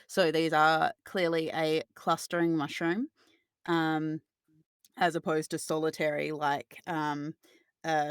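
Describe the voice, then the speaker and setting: A woman running a tabletop game, describing scenes at length with many pauses and filler sounds. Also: deep voice, creaky, no room sound, studio quality. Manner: detailed, meandering descriptions full of filler sounds. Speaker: game master.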